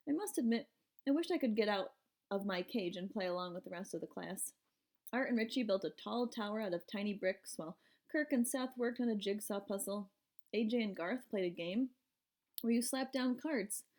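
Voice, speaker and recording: A woman's voice: fairly high pitch, moderate pace, darkish tone. A woman reading a children's storybook aloud, narrating expressively in first person. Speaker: audiobook reader.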